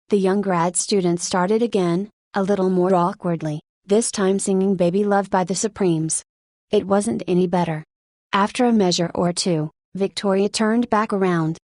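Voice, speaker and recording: A woman narrating a nonfiction audiobook in an even, measured reading. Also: mid-range voice, dry recording.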